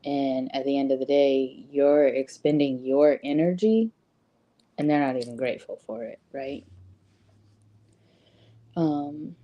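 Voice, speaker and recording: A woman's voice: extremely low pitch, unhurried, long pauses, lo-fi sound. A woman giving a casual motivational talk, conversational, with frequent ums and rhetorical "right?" questions. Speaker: host.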